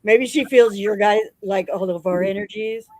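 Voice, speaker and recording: A woman's voice: medium pitch, normal speed, a little mellow, dry recording, rough recording. A woman hosting a casual podcast chat, supportive and conversational.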